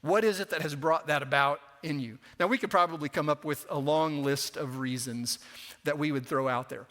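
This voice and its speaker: A middle-aged male preacher with a bright, forward tone and a voice pitched a little high. He talks to the congregation conversationally and slips into the voices of the people he quotes. The sermon carries a long church reverb. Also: moderate pace. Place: church sanctuary.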